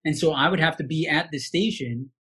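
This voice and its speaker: A man from Hawaii in his late thirties tells a personal story on a podcast. His voice sits a bit high, and he speaks with heartfelt sincerity, often restarting his sentences. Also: fairly quick, pushed and bright, slightly rough. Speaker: sportscaster guest. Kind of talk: casual podcast interview.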